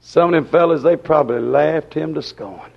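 A high-pitched man preaches, folksy and dramatic. He swings from loud to soft and plays out voices as he goes. The recording sounds dull and lo-fi. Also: normal speed, creaky. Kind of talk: sermon.

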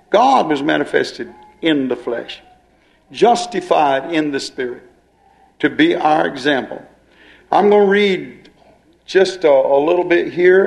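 A man's voice: a little high, vocal fry. A male preacher delivering a sermon, dwelling on and repeating key phrases as he explains scripture.

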